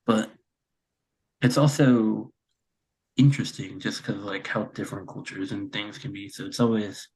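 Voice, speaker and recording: A man with a husky, fairly low voice, speaking casually on a podcast. He hesitates often and restarts his sentences as he talks. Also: fairly even intonation, moderate pace, darkish tone, low-quality recording. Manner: hesitant, many fillers and restarts. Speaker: podcast co-host. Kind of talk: casual chat.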